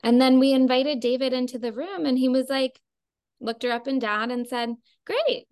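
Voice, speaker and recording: A woman's voice: sits high, fairly even intonation, normal speed, a little mellow. A woman telling stories as a costume designer guest, chatty and full of fillers. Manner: chatty, filler-heavy with frequent "like". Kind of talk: casual interview storytelling.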